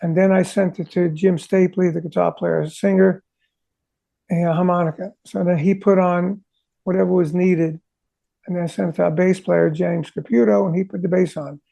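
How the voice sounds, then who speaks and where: A man with a high, deeply gravelly voice recounts studio stories to an interviewer. His tone is dark and mellow, and he tells things in an animated way, acting out what people said to him. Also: normal speed. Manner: animated, sings drum parts vocally; acts out quoted conversations. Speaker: rock drummer, interview guest. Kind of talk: casual storytelling interview.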